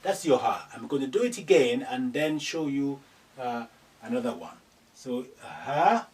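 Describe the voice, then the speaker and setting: A man teaching letters slowly and patiently, repeating each sound many times. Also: mid-range voice, lively intonation, a little mellow. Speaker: Arabic teacher. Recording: somewhat distant from the mic.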